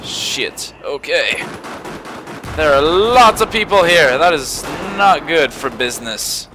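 A man's voice: a little high, takes it slowly, background noise. A man giving gameplay commentary, muttering to himself and then swearing and yelping at sudden moments. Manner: excitable, swears and yelps at surprises; mutters quietly to himself between outbursts. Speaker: gamer. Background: faint gunfire from the game.

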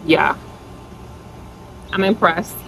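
A woman's voice: on the low side, very slow, gravelly, pushed and bright, a little hiss or hum, rough recording. A woman vlogger chatting casually to her viewers in a product review, gushing and calling them y'all.

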